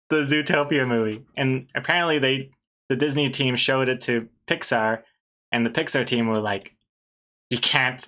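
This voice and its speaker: Bright-voiced man chatting while drawing. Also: medium pitch. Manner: chatty, laughs often, trails off mid-sentence. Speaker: artist streaming while drawing. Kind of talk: casual rambling chat while working.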